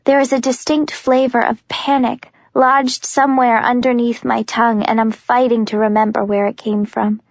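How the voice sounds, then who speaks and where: A woman's voice: a little high, little pitch movement, moderate pace, creaky, few pauses, no echo, dull audio. A woman giving an intense, dramatic first-person audiobook narration.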